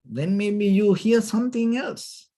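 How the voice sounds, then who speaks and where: A man, a Buddhist monk, giving a dhamma talk, halting and searching for words, often saying "you know", with gentle, patient explanation. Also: sits high. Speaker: Buddhist monk teaching meditation.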